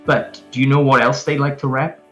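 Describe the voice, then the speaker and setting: A man's voice: medium pitch, flat delivery, a little fast, bright, forceful tone, faint music behind. A man with a Welsh accent casting an online fighting game tournament from home, chatting playfully and hyping up the viewers. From South Wales. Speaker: tournament caster. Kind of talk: casual live stream commentary. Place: home, indoors.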